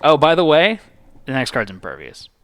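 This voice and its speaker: Animated man running a board game. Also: medium pitch, normal speed, heavy background noise. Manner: animated, reads rules aloud, counts dice. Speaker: game host. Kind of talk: casual board game play over a stream.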